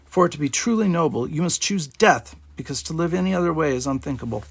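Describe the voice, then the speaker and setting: Man voicing a fierce proud woman cadet, raised pitch, husky, gravelly, storybook. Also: expressive, quick pace.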